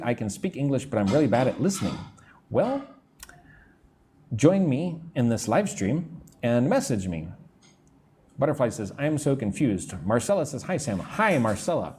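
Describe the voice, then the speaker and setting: A man teaching English on a live stream, modelling phrases slowly and greeting viewers between sentences. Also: medium pitch, darkish tone, a little hiss or hum. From United States. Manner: slow, deliberate modelling of phrases, chatting with viewers.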